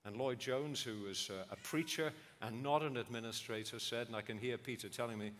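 A man's voice: expressive, moderate pace, a bit bright. Earnest male preacher in a reverberant hall. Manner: earnest, rhetorical, mimics bland voices in high tones. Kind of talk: memorial sermon.

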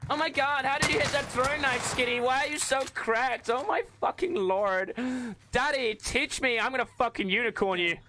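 Excitable sweary young man streaming games. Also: very high voice, moderate pace, few pauses. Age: 20s. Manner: swears a lot, excitable, talks to chat. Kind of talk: casual gaming livestream chat. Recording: noisy background.

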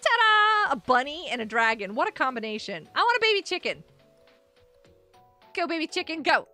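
A woman's voice: high voice, very animated, moderate pace, sharp tone, faint music behind. A young woman streaming a game live, bubbly and exclaiming, chatting with viewers as she plays. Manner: bubbly, exclaims and laughs often, talks to chat.

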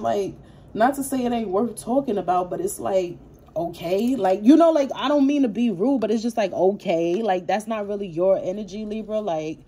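A woman's voice: mid-range voice, dark tone, slight background noise. A woman giving a casual tarot reading, speaking straight to her viewers with street slang, swearing and loose, rambling asides. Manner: addresses viewers directly and affectionately. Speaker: tarot reader.

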